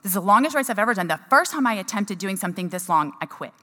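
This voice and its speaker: Woman, mid-pitch, chatty emotional storyteller, long hall reverb. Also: lively intonation, very fast, sharp tone. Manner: chatty and emotional, many restarts. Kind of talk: personal story in a talk.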